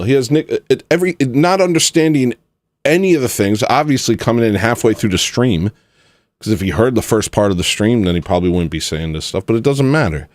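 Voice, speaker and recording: A man with a low voice hosts a livestream. He talks in a loose, rambling, sarcastic way and brushes off his critics. His voice sounds dry and close. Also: no echo. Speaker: livestream host. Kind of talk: casual livestream rant.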